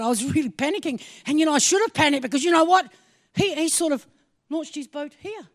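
A woman with a high voice preaches through a personal story, dropping to near-whispers for solemn points and rising to excited exclamations. Her telling is animated and full of laughter. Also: fairly quick.

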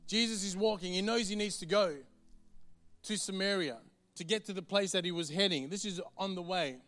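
A man's voice: high-pitched, fairly bright tone. A man preaching a sermon in an earnest, conversational way. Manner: earnest, conversational, quick to the point.

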